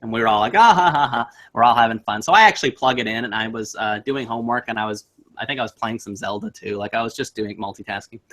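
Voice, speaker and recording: A man's voice: fairly low pitch, fast talker. A young man casually telling a spooky story, acting out the voices in it. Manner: animated, acts out voices in his story.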